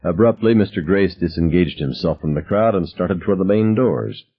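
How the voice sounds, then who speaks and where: Deep, husky male audiobook narrator. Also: moderate pace, dull audio. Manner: expressive first-person storytelling.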